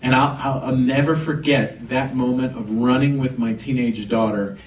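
A man's voice: mid-range voice, steady tone, normal speed. Echoey preaching pastor, a man. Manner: emphatic preaching, rising and swelling on key words. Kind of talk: sermon. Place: church sanctuary. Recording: echoey church room, mic at a distance.

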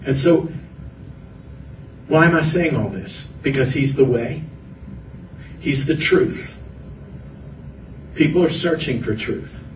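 Man, pastor, earnest sermon, repeated phrases, echoey room, distant mic, faint rumble. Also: slow, long pauses. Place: church hall.

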